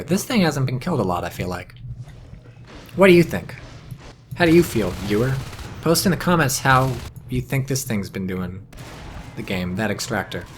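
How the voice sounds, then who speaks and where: A man's voice: fairly low pitch, slight background noise. Man rambling through solo game commentary. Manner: rambling, deadpan jokey asides. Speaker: esports caster.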